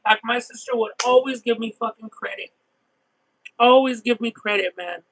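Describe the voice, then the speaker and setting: A man's voice: very high voice, normal speed, a bit bright, rough recording. A young man vlogger telling a candid, emotional story in a casual way, swearing freely. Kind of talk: casual storytelling on a food stream.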